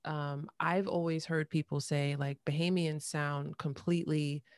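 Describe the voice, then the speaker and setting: A woman's voice: low-pitched, little pitch movement, a little slow, no echo, clean studio sound. A woman hosting a podcast interview, chatting casually with many fillers and restarts. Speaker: podcast host.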